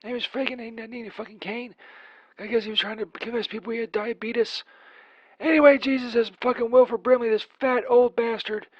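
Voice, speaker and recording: Super high-pitched, crude saint peter rambling on a voicemail, dull lo-fi sound. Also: male voice, no room sound. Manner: rambling, profane, constant filler words. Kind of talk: comedy voicemail bit.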